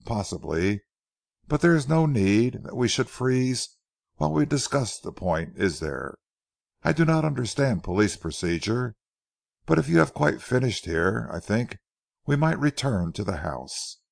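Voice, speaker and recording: A man voicing a haughty, mocking gentleman who brushes off a policeman's questions. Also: medium pitch, big pitch swings, measured pace, creaky, no room sound, clean studio sound, heavily acted. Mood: scornful. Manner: scornful, dismissive laughter in his words.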